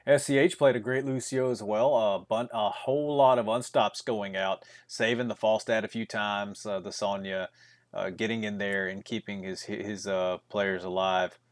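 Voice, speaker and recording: A young man doing solo esports commentary as a tournament caster, chatty and rambling, with quick bursts, frequent fillers and chuckles. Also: lowish voice, fairly even intonation.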